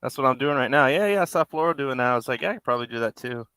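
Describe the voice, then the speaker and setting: A man's voice: mid-range voice, lively intonation, very fast, sharp tone, clear, resonant tone, no room sound. A man hosting a live puppet-building stream, chatting casually and rambling, repeating himself and chuckling. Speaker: puppet-building livestream host. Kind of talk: casual chat while building. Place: home workspace.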